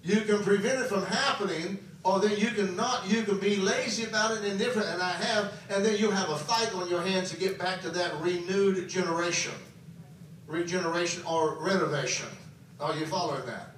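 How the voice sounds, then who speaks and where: A high-pitched man preaches with emphatic force, often checking in with his listeners. His voice comes from some way off the microphone in a very echoey hall. Faint noise hums underneath. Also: fairly even intonation, brisk, fairly bright tone, far from the mic. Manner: emphatic, questions the congregation. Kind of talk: sermon. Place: camp meeting hall.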